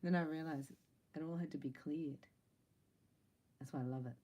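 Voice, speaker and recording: A woman's voice: low voice, moderate pace, mellow, poor audio. A woman giving a casual spiritual reading to her viewers, chatty and playful, laughing between lines. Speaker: psychic tarot reader.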